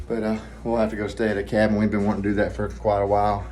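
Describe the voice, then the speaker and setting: A man with a Southern US accent, talking quietly and rambling in a casual vlog from a hotel room. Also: on the low side, little pitch movement, racing, a little hiss or hum. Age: adult, family man with kids. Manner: rambling, hushed so neighbors won't hear. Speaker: vlogger, trucking trainee.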